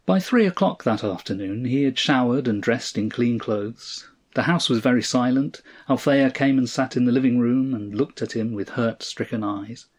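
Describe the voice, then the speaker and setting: A man narrating a story in a measured, dramatic reading style. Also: medium pitch.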